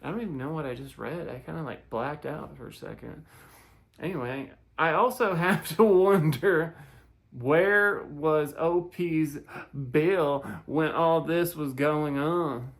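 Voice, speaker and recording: Slow, giggly commentator reading comments aloud. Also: mid-range voice, gravelly. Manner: giggly, reads haltingly with restarts and asides. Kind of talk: casual reading of online comments with reactions.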